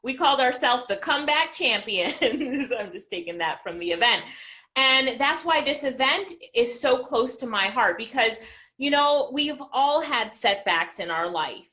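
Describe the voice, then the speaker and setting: Woman, middle-aged, business coach, motivational talk, bright forceful tone, fairly high voice, keeps quizzing the audience. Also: measured pace. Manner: energetic, keeps asking the audience questions.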